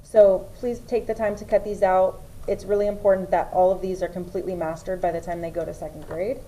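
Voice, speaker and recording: A young woman teaching first grade, explaining summer practice steps to parents and slowly sounding out words. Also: mid-range voice, warm tone, a little hiss or hum, poor audio. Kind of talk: instructional walkthrough for parents.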